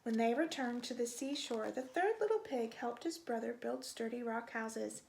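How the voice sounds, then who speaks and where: A woman reading a children's picture book aloud, expressive and stretching out the sound words. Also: fairly high pitch, moderate pace, gravelly. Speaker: storytime reader.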